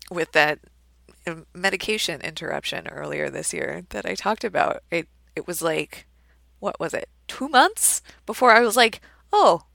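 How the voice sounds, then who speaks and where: A young woman co-hosting a podcast, talking candidly in a halting way with many fillers. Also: fairly low pitch, creaky, a bit bright, no echo. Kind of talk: casual chat.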